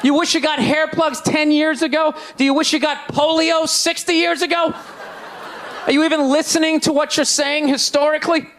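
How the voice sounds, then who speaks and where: A man in his forties doing a stand-up routine on stage, ranting loudly and sarcastically. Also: very high voice, little pitch movement, normal speed, a little hiss or hum. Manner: loud ranting delivery, sarcastic. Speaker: stand-up comedian. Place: comedy stage before a live audience. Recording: live show with crowd laughter.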